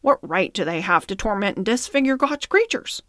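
A woman's voice: medium pitch, expressive, moderate pace, fairly bright tone, no room sound, studio quality, natural voice. A woman voicing a fiery old male horse in a storybook reading, speaking indignantly. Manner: indignant, protesting.

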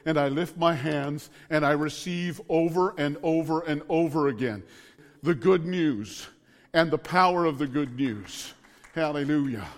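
A middle-aged male preacher with a high voice delivers a fervent sermon in repeated declarations. His voice rings out with a long reverb behind it. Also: a bit bright.

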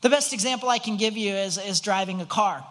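A man's voice: high voice, fairly quick, fairly bright tone. Earnest man preaching a conversational sermon. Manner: earnest, talks straight to the congregation with rhetorical questions; frequent restarts and repeated words. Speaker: pastor. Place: church on a Sunday morning.

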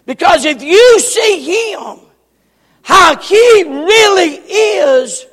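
Preacher guy, slow drawn-out delivery, shouts a lot, big echoey hall. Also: extremely high pitch, lively intonation. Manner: shouting, repeating words for emphasis. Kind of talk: sermon. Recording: long hall reverb.

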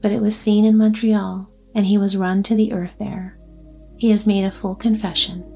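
A woman voicing a grown son who speaks in a calm, matter-of-fact way. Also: medium pitch, moderate pace, creaky, breathy edge, faint music behind. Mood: steady. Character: grown son, plain-spoken and steady.

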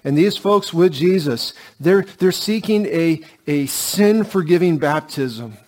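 A middle-aged man preaching a sermon as pastor, earnest and emphatic, slowing down and dropping to a hush on key lines. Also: fairly high pitch, lively intonation.

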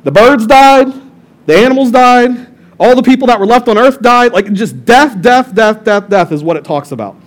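An animated young male pastor with a notably high-pitched voice delivers a casual, joking sermon. He tells the story in lively bursts and wanders into quick side remarks. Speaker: lead pastor.

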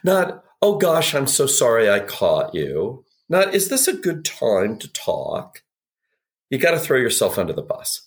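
A man's voice: medium pitch, unhurried. A man talking as a sales expert on a podcast, telling anecdotes and acting out quoted dialogue with energy. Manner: animated storyteller, acts out quotes. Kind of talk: podcast conversation.

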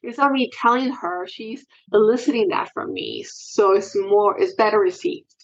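A woman's voice: medium pitch, normal speed, muffled recording. A woman guest talking earnestly and emotionally about her experience as a sports parent in a candid interview.

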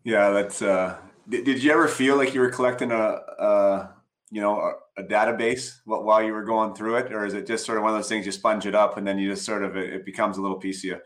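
A man's voice: fairly low pitch, steady tone, fast. A man hosting an interview, asking a thoughtful question with hesitant phrasing. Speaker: podcast host.

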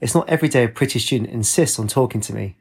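A man voicing a homeless, one-armed, cynical ex-Marine with a gravelly, blunt way of talking. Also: medium pitch, very fast.

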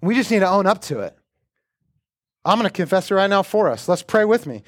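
A man's voice: high-pitched, very animated, brisk, long pauses, no echo, studio quality. A middle-aged male pastor preaching and praying in an earnest, conversational way. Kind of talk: sermon with prayer.

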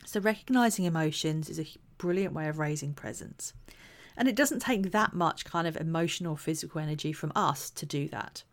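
Gentle woman giving parenting advice. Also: sits low, brisk. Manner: gentle, earnest, acts out example phrases. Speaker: parenting educator. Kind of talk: talking-head advice talk.

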